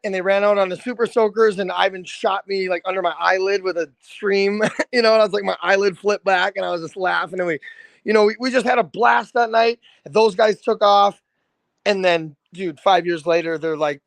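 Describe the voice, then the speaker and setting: A rock band's lead singer chats as a guest, his voice high and full of grit. He tells stories in a loose, animated way and swears freely. The sound is close and dry. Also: normal speed, gravelly, dry recording. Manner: animated, swears freely, says "dude" often. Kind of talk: casual storytelling.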